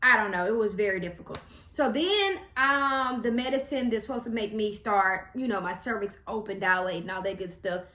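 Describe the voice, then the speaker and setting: A young woman, telling a story to camera in a chatty, animated way, with slang and acted-out quotes. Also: medium pitch, moderate pace, reverberant. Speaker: vlogger.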